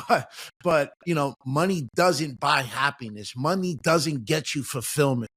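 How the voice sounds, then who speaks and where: A man's voice: on the high side, animated, unhurried, a bit bright, breathy edge. A man hosting a podcast, asking long and earnest questions in a casual style. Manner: earnest, many fillers and restarts. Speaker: podcast host. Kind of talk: casual interview chat.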